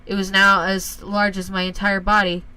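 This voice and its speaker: A woman reading a first-person horror story aloud in a calm, measured way. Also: mid-range voice, clear, resonant tone, poor audio.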